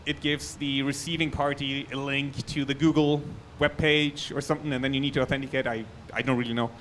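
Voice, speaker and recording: Speaking at a conference hall, this German-accented man discusses a technical topic with a mid-range, slightly bright voice that barely moves in pitch. His pace is brisk, and his delivery stays casual, full of restarts and side comments. Some faint hiss or hum sits under the audio.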